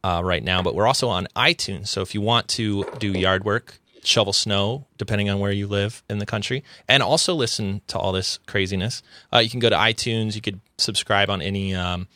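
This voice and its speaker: A man's voice: on the low side, fairly even intonation, a little fast, sharp tone. A man hosting a podcast in casual chat, rambling and often restarting his sentences. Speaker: podcast host.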